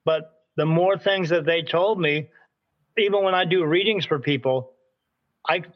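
A man's voice: fairly high pitch, a little slow, highs cut off. A man from Delaware, a spirit medium, casually telling a rambling story in an interview. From Delaware, United States. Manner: rambling, animated anecdote telling with acted quotes.

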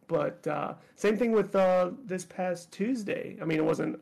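A man's voice: high-pitched, a little slow, gravelly, darkish tone. A man co-hosting a podcast in casual chat, laughing often and restarting his sentences. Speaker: podcast co-host.

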